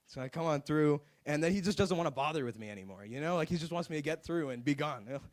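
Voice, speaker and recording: A man's voice: on the high side, lively intonation, fast. A young man doing open mic stand-up comedy on a club stage, rambling and self-mocking, with lots of "like.". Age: young adult. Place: live music club stage.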